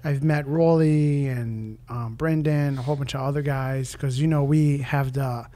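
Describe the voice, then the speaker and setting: A man's voice: mid-range voice, steady tone, a little slow, dark tone. Laid back new guy chatting as a podcast guest. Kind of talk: casual chat.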